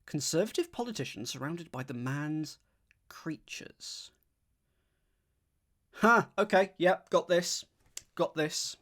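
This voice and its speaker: A man solving a crossword on a live stream, thinking aloud, reading clues out slowly and chatting with his viewers. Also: a little high, lively intonation, a bit bright.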